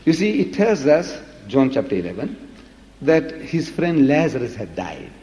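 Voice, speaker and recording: A man's voice: medium pitch, sing-song, unhurried, warm tone. A man giving a religious lecture in an emphatic, dramatic way, full of rhetorical questions. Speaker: preacher. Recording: dull lo-fi recording in a reverberant hall.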